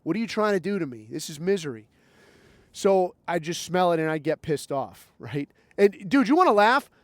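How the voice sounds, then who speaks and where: A man in his thirties rants through crude stories, swearing freely as he rambles from one tangent to the next. His voice sits a little high for a man and sounds close and dry, with no room around it. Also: sing-song, normal speed, no room sound. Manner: profane, rambling storytelling. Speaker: podcast host. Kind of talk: crude comedic rant.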